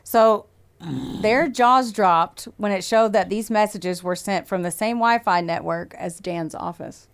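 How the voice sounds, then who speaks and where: A woman's voice: medium pitch, a little slow, a little hiss or hum. A woman hosting a podcast, telling a true-crime story in a casual, swearing, chatty way and acting out what people said. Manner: swears freely, acts out quotes, laughs often. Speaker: podcast host.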